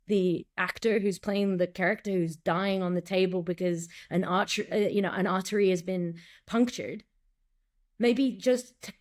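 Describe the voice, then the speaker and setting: Animated woman director talking shop. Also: medium pitch. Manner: animated, acts out lines and quotes, many restarts. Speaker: director and acting coach. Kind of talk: casual interview talk.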